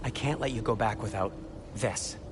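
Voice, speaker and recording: An actor doing the anxious dwarf Sindri. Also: male voice, on the low side, moderate pace, very noisy, close to an everyday voice. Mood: earnest. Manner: worried, careful instructions. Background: game music.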